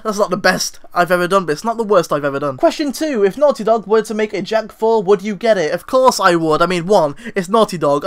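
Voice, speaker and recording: A man's voice: high voice, pushed and bright, clear, resonant tone. A young British man answering viewer questions to camera in a casual, rambling, self-deprecating way, full of "like". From Britain. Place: room at home, lit by daylight.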